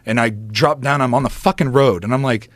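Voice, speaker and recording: Guest spot: male storyteller, loose and profane, energetic, laughs a lot, dry close studio mic. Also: mid-range voice, brisk, no room sound. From United States. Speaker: podcast guest, former football player. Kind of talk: casual storytelling.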